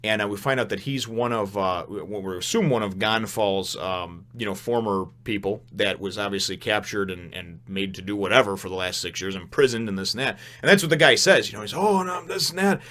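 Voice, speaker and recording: A man's voice: fairly low pitch, brisk, hardly any pauses. A young man giving a casual, rambling spoken review of a manga chapter, full of fillers and restarts. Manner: rambling, animated, many fillers and restarts, laughs often.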